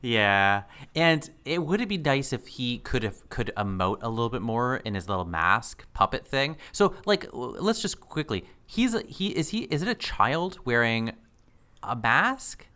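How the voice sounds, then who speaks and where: A man co-hosting a podcast in casual chat, animated, acting out characters' lines as he jokes. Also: medium pitch, unhurried, smooth. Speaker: podcast co-host.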